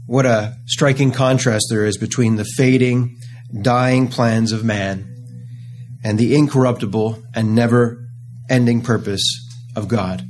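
A man preaching a sermon, earnest and emphatic, slowing down to stress key phrases. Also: medium pitch, steady tone, darkish tone, a little hiss or hum.

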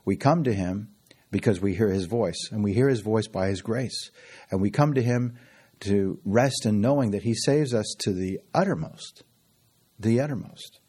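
A man's voice: on the low side, moderate pace, mellow, breathy edge. A middle-aged man preaching a sermon fervently, repeating phrases and laughing often. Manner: fervent, with frequent laughs and repetition.

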